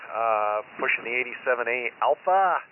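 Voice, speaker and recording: A man's voice: medium pitch, animated, moderate pace. A man on a ham radio net, rambling about his gear in technical detail, chuckling to himself now and then. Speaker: amateur radio operator. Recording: tinny radio audio with loud static.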